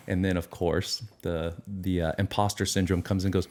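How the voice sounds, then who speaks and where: A man's voice: deep voice, a little fast, few pauses, darkish tone. A middle-aged man answering interview questions in an earnest, reflective way, sometimes acting out his inner dialogue. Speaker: guest, addiction recovery expert.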